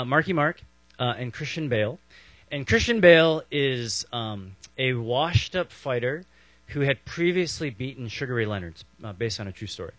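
A man's voice: mid-range voice, pushed and bright, dry recording. Man, thirties, pastor, conversational sermon, rhetorical questions, dry close sound.

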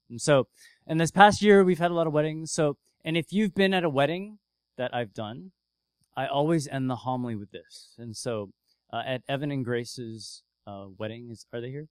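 A man preaching a sermon as pastor, telling a story with lively swings from hushed to loud. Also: medium pitch, normal speed, smooth, no room sound.

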